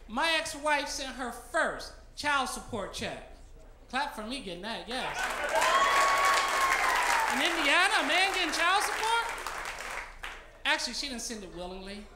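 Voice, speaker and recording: A brash male stand-up comedian teasing his audience from a club stage. His voice runs high for a man and rings in a roomy room, with a loud, noisy crowd behind him. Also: very animated, measured pace.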